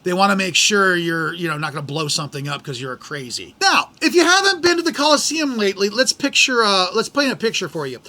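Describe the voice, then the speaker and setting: A middle-aged American man hosting a podcast, telling a travel story in an animated, exasperated way and acting out the people in it. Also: high-pitched, fast talker, few pauses. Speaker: podcast host. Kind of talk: casual storytelling.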